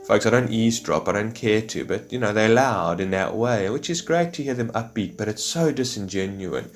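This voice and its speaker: A man's voice: lowish voice, expressive, moderate pace, soft background music. A man in a rambling, reflective monologue, full of fillers. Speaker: vlogger.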